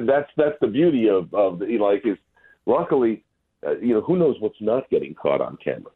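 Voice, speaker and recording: A man appearing as a guest on a talk show, speaking haltingly with many fillers and restarts. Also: lowish voice, sing-song, husky. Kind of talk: casual chat. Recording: tinny phone line.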